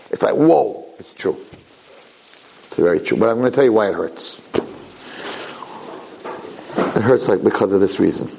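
In a roughly recorded Torah lecture, a rabbi speaks in a mid-range voice with a breathy edge. He tells his stories in a lively way, performing the different characters' voices.

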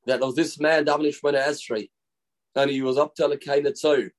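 A man's voice: fairly high pitch, fairly even intonation, fast talker. A man giving a daily Torah lesson as a rabbi, explaining through stories and acted-out quotes. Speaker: rabbi teaching a daily class.

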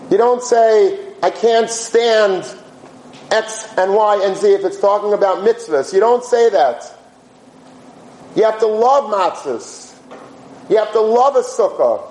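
A man giving an animated sermon-style talk to students, telling stories, asking rhetorical questions and mixing in Yiddish and Hebrew words. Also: high-pitched. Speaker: yeshiva teacher giving a talk. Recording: roomy echo, faint background hum.

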